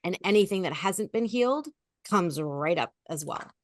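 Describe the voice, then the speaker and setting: Woman coach talking grief, expressive and animated, pretty low voice, dry. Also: normal speed, no room sound. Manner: animated, expressive, lively storytelling. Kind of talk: conversational podcast advice.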